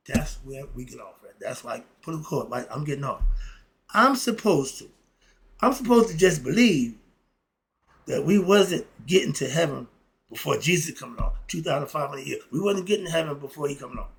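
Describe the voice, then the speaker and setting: A man's voice: a little high, expressive, moderate pace, vocal fry. A middle-aged man in a casual, blunt and preachy monologue, full of slang. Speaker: philosophy vlogger.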